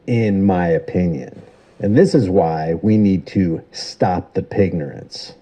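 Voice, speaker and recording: A man's voice: on the low side, highs cut off. A man giving casual commentary in a rhetorical, argumentative way.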